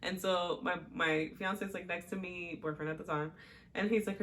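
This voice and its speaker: A woman's voice: on the low side, steady tone, normal speed, fairly bright tone. A young woman hosting a talk show, telling personal stories in a chatty way, full of fillers and little laughs. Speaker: podcast host. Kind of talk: casual personal storytelling.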